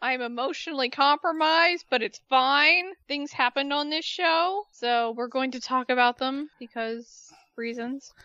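Woman, co-host, sarcastic, animated storytelling, dry, muffled lo-fi. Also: high voice, unhurried, hardly any pauses, no echo. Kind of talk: casual wrestling recap chat.

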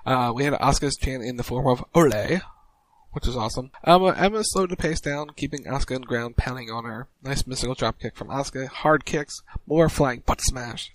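A man co-hosting a casual podcast, recapping wrestling moves in quick play-by-play style. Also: low-quality recording. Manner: rapid recap, mimics crowd chants in a higher voice.

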